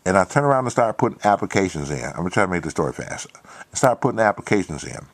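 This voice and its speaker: Man, lowish voice, cursing, repeats himself, monologue. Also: big pitch swings, fast. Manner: profane, repetitive, emphatic. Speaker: channel host. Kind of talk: storytelling monologue.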